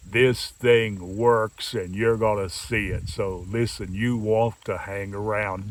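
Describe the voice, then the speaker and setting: An older man with a low voice talks slowly and folksily, leaning hard on his words as he shows off an old rifle. He is recorded outdoors in the countryside, a little away from the mic. Faint crickets chirp behind him. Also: distant mic, slight background noise. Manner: folksy, slow and drawn-out, emphatic. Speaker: gun reviewer. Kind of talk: casual show-and-tell review.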